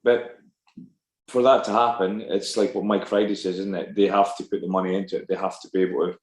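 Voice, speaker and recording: A man's voice: sits low, level tone, a little fast, roomy sound. A man co-hosting a rugby podcast, talking hesitantly and repeating words as he works through a point. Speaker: podcast co-host. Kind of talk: casual rugby podcast discussion.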